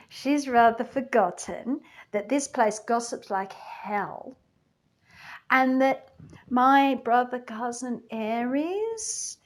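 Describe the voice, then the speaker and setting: A woman voices a flippant, gossipy goddess who rules the underworld, delivering a chatty comic monologue packed with "like" and "you know." Her pitch sits a little high.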